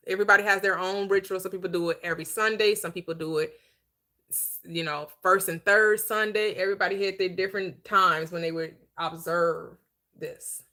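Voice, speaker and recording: A woman hosting a livestreamed Bible teaching, preaching in an emphatic, conversational way, slowing down to stress key phrases and chatting with viewers in between. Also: fairly low pitch, steady tone, pushed and bright. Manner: chatty asides to viewers, quick laughs.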